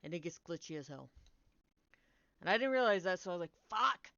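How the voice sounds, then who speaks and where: A young woman streamer telling a rambling, animated story in casual chat, swearing often and restarting her sentences. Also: on the low side, fast talker, no room sound. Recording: dull, lo-fi, dry stream mic.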